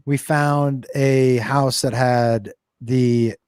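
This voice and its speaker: A man's voice: medium pitch, extremely slow, clean tone, no room sound. A middle-aged man co-hosting a podcast, swearing freely and acting out dialogue as he tells stories. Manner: lively, swearing, acts out dialogue. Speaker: podcast co-host. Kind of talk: casual storytelling chat.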